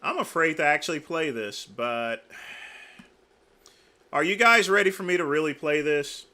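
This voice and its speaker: A man's voice: a little high, lively intonation, moderate pace, pushed and bright. A man hosting a livestream, giving sarcastic commentary on clips with a mocking, exaggerated delivery. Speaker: livestream host.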